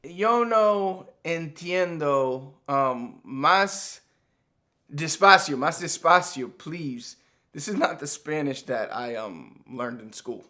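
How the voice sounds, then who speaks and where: Guy playing a confused learner, halting and pleading, kinda high voice. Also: lively intonation, bright, forceful tone, exaggerated voice. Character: confused adult male Spanish learner.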